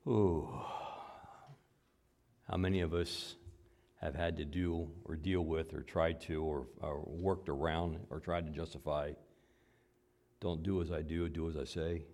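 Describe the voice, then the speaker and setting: A man, a father, preaching a sermon. He swings between loud, emphatic lines and quiet, low asides. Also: level tone, a little slow, pauses often. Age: adult father. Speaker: pastor.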